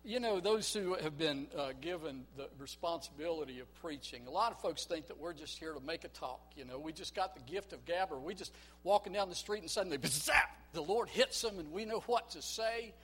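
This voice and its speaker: Emphatic male preacher, slightly high voice. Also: brisk, few pauses, a bit bright, a little hiss or hum. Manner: emphatic, call-and-response, storytelling. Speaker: pastor. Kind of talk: sermon. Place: church.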